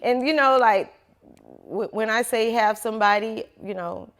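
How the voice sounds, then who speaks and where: A woman's voice: on the high side, moderate pace. A woman who owns a small business, giving a casual motivational talk to a class and acting out quoted voices as she goes. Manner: animated, acts out quoted voices, laughs often.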